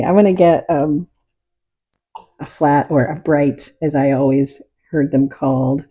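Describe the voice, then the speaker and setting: A middle-aged woman talks through her painting in a calm, reflective way, openly sharing her emotions. Her voice is deeply mellow and husky. The recording sounds dull and lo-fi, as if from a home studio. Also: normal speed. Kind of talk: casual talk while painting.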